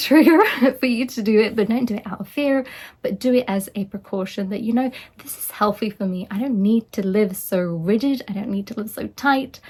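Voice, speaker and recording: Earnest woman coach with a husky, mellow voice. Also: mid-range voice. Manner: earnest, encouraging, drops to soft whispers at times. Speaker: life coach. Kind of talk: motivational monologue.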